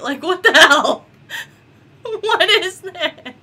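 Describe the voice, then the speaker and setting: A young woman casually commenting on a game she is playing, excitable and giggly, swearing often. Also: very high-pitched, takes it slowly. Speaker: gameplay commentator. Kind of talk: casual let's-play commentary.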